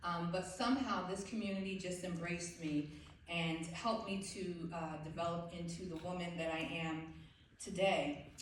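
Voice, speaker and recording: A woman's voice: on the low side, fairly even intonation, normal speed, a little hiss or hum. A woman from South Jersey giving a heartfelt, faith-filled award acceptance speech from a stage. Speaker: award recipient. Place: event hall stage. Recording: very echoey hall, far from the mic.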